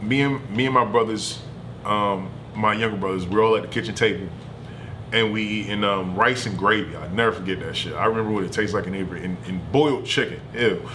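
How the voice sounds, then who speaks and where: A man streaming from home, telling a family story in a loose, animated and profane way. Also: fairly low pitch, brisk, background noise. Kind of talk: casual storytelling.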